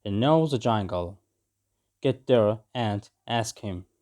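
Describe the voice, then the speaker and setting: A man's voice: lowish voice, animated, slow pace, a little mellow. A man voicing a big, friendly black-and-white male bird who speaks plainly and helpfully.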